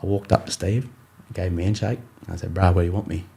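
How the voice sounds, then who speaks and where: A man's voice: deep voice, steady tone, fast talker, gravelly, mellow. A young Australian man, a rugby league player, telling his story in a casual interview, rambling with many fillers and acting out his coach's words.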